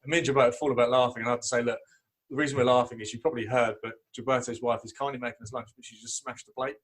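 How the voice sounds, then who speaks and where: Fast-talking man telling stories. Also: mid-range voice, fairly even intonation, fairly bright tone. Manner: chatty storyteller, laughs often. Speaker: podcast guest. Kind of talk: casual chat.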